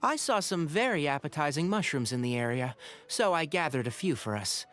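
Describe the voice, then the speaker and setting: A calm young forest ranger. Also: male voice, on the high side, fairly quick. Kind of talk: game voice acting.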